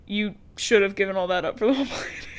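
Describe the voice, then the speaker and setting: A woman's voice: mid-range voice, brisk. Woman co-host, casual rambling recap, sarcastic asides. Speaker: podcast co-host recapping a book. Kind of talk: casual chat.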